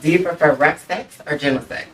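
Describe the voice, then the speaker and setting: Running a playful question round in a casual interview, an upbeat talk show host teases her guest and giggles between lines. She speaks briskly in a mid-pitched, fairly bright voice that sounds a little off-mic, over faint background noise.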